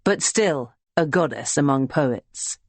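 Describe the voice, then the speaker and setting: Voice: medium pitch, animated, slow pace, dry recording. A reader voicing a lecherous middle-aged male town official in an audiobook, close to their own reading voice. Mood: smooth.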